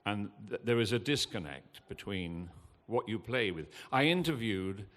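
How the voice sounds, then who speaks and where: An older man, giving an impassioned, earnest talk from a festival stage, halting with fillers now and then. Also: on the low side, animated, fairly bright tone. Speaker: guest speaker at a festival. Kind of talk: emotional public talk. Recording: long hall reverb.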